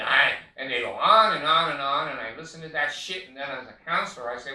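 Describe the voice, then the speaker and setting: A man's voice: mid-range voice, fast talker, hardly any pauses, pushed and bright. A man in his late seventies, a counselor giving blunt spiritual advice with profanity and many fillers. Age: 70s. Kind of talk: spiritual self-help monologue. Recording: echoey room, far from mic.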